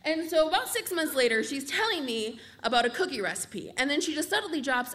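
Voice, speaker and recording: A young woman telling a true story to a live audience, wry and animated. Her voice sits a little high, and her delivery runs comic and quick to turn a phrase. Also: crowd noise.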